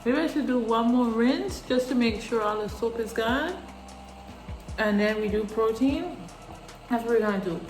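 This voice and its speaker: A young woman vlogger chatting casually while washing her hair, animated, laughing often and swearing freely. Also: fairly high pitch, normal speed. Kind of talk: casual chat. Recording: echoey room with faint music.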